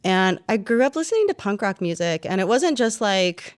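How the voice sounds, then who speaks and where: A woman in her forties with a Texan accent, an animated, outspoken podcast guest chatting casually. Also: mid-range voice, a little fast, few pauses, no echo, studio quality. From Texas, USA. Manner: animated, outspoken, laughs easily. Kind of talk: casual chat.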